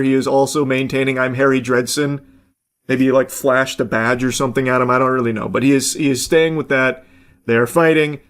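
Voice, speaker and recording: A man giving casual, rambling commentary as he reacts to a video clip. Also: mid-range voice. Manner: rambling, self-correcting narration.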